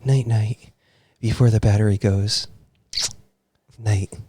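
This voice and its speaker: A man's voice: fairly low pitch, steady tone, slow, mellow, breathy edge, no room sound, voice pushed down. A man playing a fond woman saying goodnight. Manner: lingering, fond goodbyes. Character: affectionate middle-aged woman on a late-night phone call.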